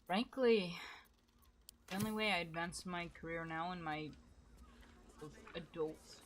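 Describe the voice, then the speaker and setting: A woman's voice: on the low side, unhurried, slight background noise. A young woman casually commenting while she plays a video game, self-deprecating and chatty, swearing now and then. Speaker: gaming streamer. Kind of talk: casual let's-play commentary.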